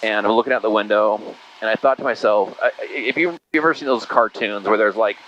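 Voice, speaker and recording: A man's voice: lowish voice, fast talker, a bit bright, dull audio. Candid man telling stories, faint hum. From Utah. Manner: candid, rambling, says "dude" and "you know" often. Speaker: podcast guest. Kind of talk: casual conversational storytelling.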